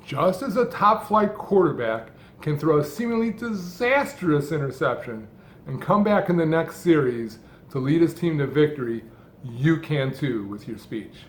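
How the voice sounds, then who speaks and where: Man speaking in deliberate emphatic phrases. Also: on the high side. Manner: rhythmic, deliberately phrased delivery with heavy emphasis. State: person who stutters, speaking fluently. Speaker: speech coach. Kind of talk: scripted talk on speech technique. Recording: echoey room.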